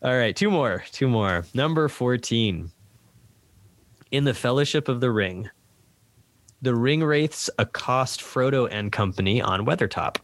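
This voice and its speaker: A man's voice: medium pitch, expressive, measured pace, no room sound. A man co-hosting a podcast and reading out trivia questions in casual, easygoing chat, with fillers and frequent laughs. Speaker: podcast co-host, quizmaster.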